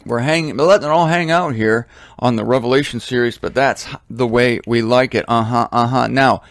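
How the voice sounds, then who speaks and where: A man hosting a religious talk series, speaking in a rambling, animated, self-deprecating monologue from his home studio into a microphone. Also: mid-range voice, fairly quick, no room sound. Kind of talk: casual monologue.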